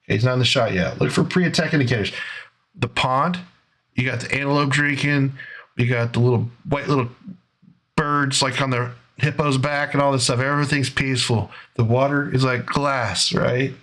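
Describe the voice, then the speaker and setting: Man, middle pitch, casual commentary host, sarcastic, conversational, narrating over footage. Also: fairly even intonation, normal speed, a bit bright. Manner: conversational, with fillers and restarts.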